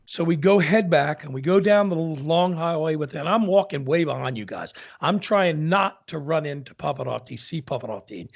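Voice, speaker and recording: A man, an opera singer, telling a lively anecdote in casual conversation and acting out the people in it. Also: on the high side, normal speed, creaky, few pauses, lo-fi sound. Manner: animated storyteller, acts out quoted voices.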